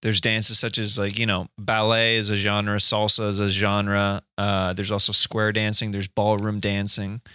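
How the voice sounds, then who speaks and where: A man's voice: lowish voice, monotone, a little slow, hardly any pauses, bright, forceful tone, clean tone, no room sound, studio quality. A man hosting a casual podcast chat, asking curious, playful questions.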